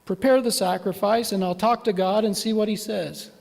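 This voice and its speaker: A preacher doing an offhand ancient seer. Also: male voice, high voice, fairly even intonation, normal speed, gravelly, darkish tone. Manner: casual, offhand. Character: reluctant ancient male seer, matter-of-fact. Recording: long church reverb.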